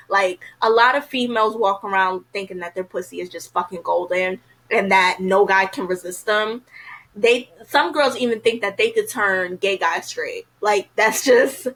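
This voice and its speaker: Bright-voiced woman reviewing a show. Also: mid-range voice, rough recording. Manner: chatty, frank, heavy use of "you know" fillers. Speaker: TV episode reviewer. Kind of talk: casual spoken review.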